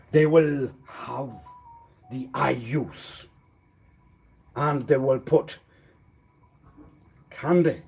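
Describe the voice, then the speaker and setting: A man on a live stream rambling in a disjointed monologue, arguing back and forth with himself and repeating words, swinging from quiet mutters to loud exclamations. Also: medium pitch, slightly rough. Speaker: livestreamer.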